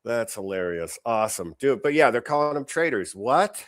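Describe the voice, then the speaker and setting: A man hosts a political commentary stream in a sarcastic, indignant, off-the-cuff way. His voice sits at an ordinary middle pitch. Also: big pitch swings, moderate pace. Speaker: show host.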